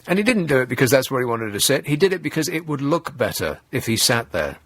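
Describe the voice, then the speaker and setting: A man's voice: medium pitch, big pitch swings, fast talker, a bit bright, no room sound. A man hosting a radio talk show, mocking and sarcastic in tone and chuckling at his own jokes. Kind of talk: sardonic talk radio monologue. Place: radio studio.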